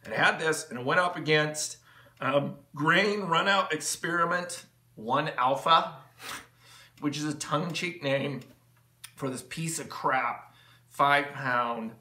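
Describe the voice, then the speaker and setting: Rambling, excitable man in an echoey workshop. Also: fairly high pitch, takes it slowly. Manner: rambling, enthusiastic, with many fillers and restarts. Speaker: channel host. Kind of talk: rambling casual vlog talk. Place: home workshop.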